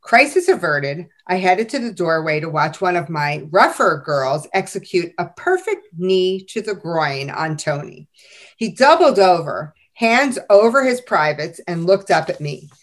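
A woman with a lowish, unhurried voice hosts a casual podcast for teachers. She reads out classroom stories as a lively storyteller, laughing frequently.

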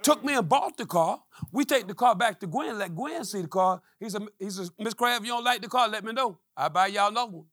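A middle-aged man preaching a testimony sermon, telling stories with quoted dialogue and rising to shouts. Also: high-pitched, lively intonation, brisk, hardly any pauses, no room sound, clean studio sound. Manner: call-and-response preaching, climbing to shouts.

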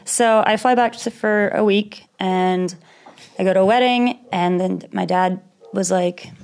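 A woman's voice: mid-range voice, steady tone, measured pace, creaky, a little mellow, clear, resonant tone. A young woman talks through a personal story in easy conversation. She is open and rambling, with nervous little laughs and the odd swear word. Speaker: guest telling a personal story. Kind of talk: casual conversation.

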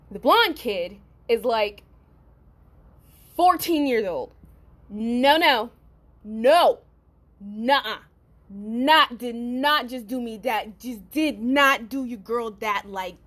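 Brash, profane young woman storyteller. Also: a little high. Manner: blunt, profane, animated storytelling with laughs. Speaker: podcast host. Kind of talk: storytelling monologue.

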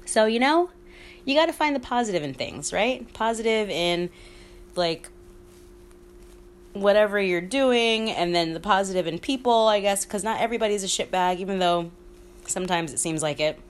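A woman hosting her own casual solo podcast, talking candidly in a hushed half-whisper, swearing freely and laughing often. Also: medium pitch, expressive, normal speed. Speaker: podcast host.

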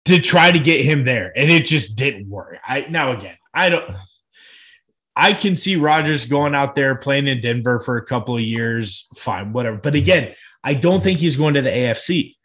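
A man co-hosting a casual sports podcast, relaxed and opinionated, with many "like" and "I mean" fillers. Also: mid-range voice, normal speed.

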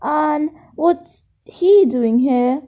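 A hot-headed, loyal schoolboy , read by a woman. The voice is high and blunt, quick to take offence. The recording sounds dull and lo-fi. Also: full character voice. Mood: baffled. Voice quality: blunt, indignant.

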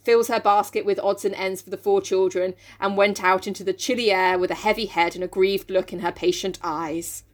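A woman co-hosts a relaxed book-club chat at an ordinary pitch. She reads passages aloud and breaks off to laugh and joke about them. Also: a little fast, hardly any pauses. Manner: reads aloud, then jokes and laughs often. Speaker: podcast co-host reading and discussing a novel.

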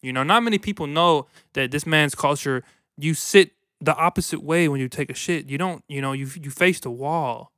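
A man riffing in casual comic chat, spinning absurd stories in slangy, deadpan fashion. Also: on the high side, normal speed, no echo, studio quality.

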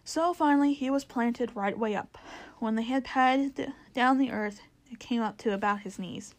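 A woman reading a children's storybook aloud, lively and expressive. Her voice sits slightly high. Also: normal speed, rough recording. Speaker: narrator.

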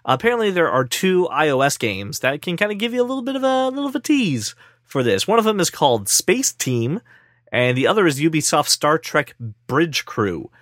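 A man's voice: fairly high pitch, big pitch swings, fairly quick, fairly bright tone, no room sound. Bantering man on a dry mic. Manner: playful, mock-offended banter. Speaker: podcast co-host. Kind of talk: casual tech podcast chat.

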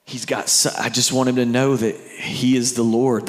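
A man's voice: medium pitch, flat delivery, measured pace. A man preaching a sermon, telling a family story in a conversational way and speaking to the crowd directly.

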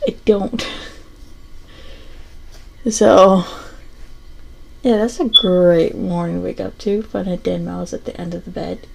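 A woman's voice: fairly low pitch, fairly even intonation, slow pace, gravelly, pauses often, low-quality recording. A young adult woman hosting a casual solo podcast, rambling with lots of fillers and restarts. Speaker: podcast host.

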